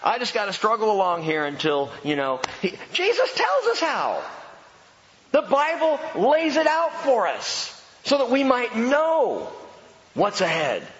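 Male pastor, high and lively, sermon in an echoey hall. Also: measured pace, lo-fi sound. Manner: animated, emphatic preaching with rhetorical questions.

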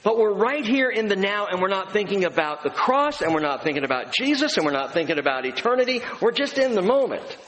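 A male pastor preaching a sermon, talking directly to his congregation and swinging between emphatic, raised passages and hushed, low ones. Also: big pitch swings, brisk, hardly any pauses. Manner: conversational and direct with the audience. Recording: long hall reverb, faint background noise.

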